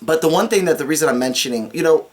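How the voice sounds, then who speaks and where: A woman's voice: low voice, animated, very fast. A woman giving casual, ranting commentary on her own comedy skit, exasperated and self-critical. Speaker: commentary video creator.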